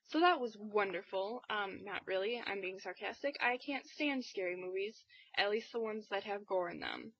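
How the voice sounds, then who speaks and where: A teenage girl in a casual weekly vlog, talking in a rambling, low-key way with lots of fillers. She sounds tired and a bit under the weather. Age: teens. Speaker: vlogger. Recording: dull, dry lo-fi webcam audio.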